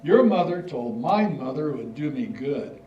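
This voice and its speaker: A man's voice: on the high side, sing-song, normal speed, far from the mic, slight background noise. An older man in a staged reading, playing an earnest, slightly formal schoolboy writing letters. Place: stage in a hall. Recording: dull, roomy hall recording from afar.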